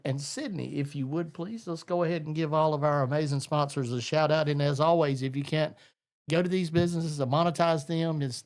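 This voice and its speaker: A man's voice: on the high side, darkish tone. Folksy man hosting live talk. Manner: folksy, rambling, Southern "y'all". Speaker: host.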